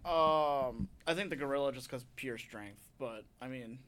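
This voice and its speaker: A man's voice: medium pitch, measured pace, a bit bright. A young man playing a football video game, chatting casually and exclaiming at the play. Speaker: player. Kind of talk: casual chat while gaming.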